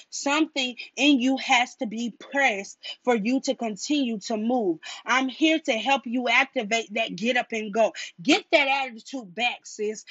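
Fiery high-voiced woman preacher. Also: no echo, highs cut off. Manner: declaring, defiant, rising to shouts. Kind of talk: fiery motivational sermon.

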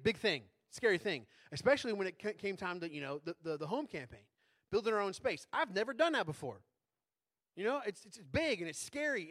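A man's voice: a little high, a bit bright. A man preaching a sermon as a pastor in a conversational way, often checking in with tag questions.

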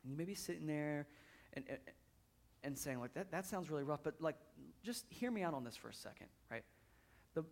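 A man in his thirties preaching a sermon in a church, conversational, often repeating words as he builds up intensity. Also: medium pitch. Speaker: pastor.

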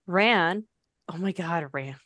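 Slow, dry-voiced woman recapping a book. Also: on the low side, fairly bright tone, dry recording. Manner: reads passages aloud with laughing asides. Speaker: podcast co-host recapping a novel. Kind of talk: casual book recap chat.

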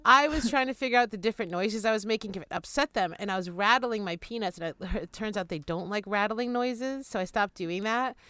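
A woman's voice: medium pitch, brisk, hardly any pauses, pushed and bright, clear, resonant tone, no room sound. A woman hosting a podcast in casual chat, talking freely, laughing and sometimes imitating crow calls. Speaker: podcast host.

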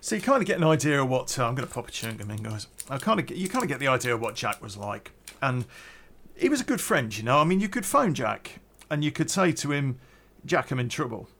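A middle-aged man tells a personal story in a loose, unscripted way. He rambles, hesitates and circles back over his words, leaning on fillers as he goes. His voice sits at an ordinary, mid-range pitch for a man. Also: very animated, fast, fairly bright tone. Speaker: podcast storyteller. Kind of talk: casual spoken storytelling.

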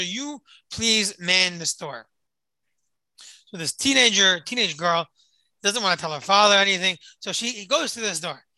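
A man teaching a religious lesson and telling a story, halting and often repeating his words. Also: high voice, bright, forceful tone, no echo, rough recording. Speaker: Torah teacher.

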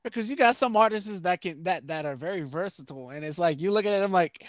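A man's voice: high voice, expressive, quick pace, no room sound. A man hosting a podcast in casual chat, joking and ranting with plenty of swearing. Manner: joking, profane, rambling rants. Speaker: podcast host.

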